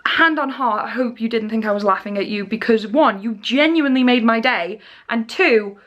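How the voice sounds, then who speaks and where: A young woman vlogging casually, telling a story in a chatty, animated way with nervous laughs and restarts. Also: fairly high pitch, moderate pace, highs cut off.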